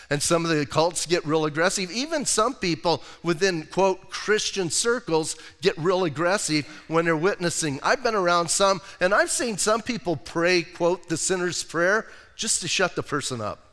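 A man's voice: high voice, fairly bright tone. A middle-aged man, a pastor preaching a casual sermon, telling personal stories and reading scripture aloud. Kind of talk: conversational sermon. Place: church sanctuary. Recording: long hall reverb.

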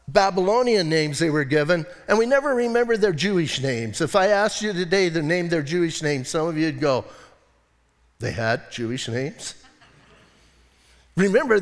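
A man's voice: a little high, fairly bright tone. A man preaching a casual, humorous sermon as a pastor in a church, often asking the congregation questions. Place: church sanctuary. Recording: long reverb of a church hall.

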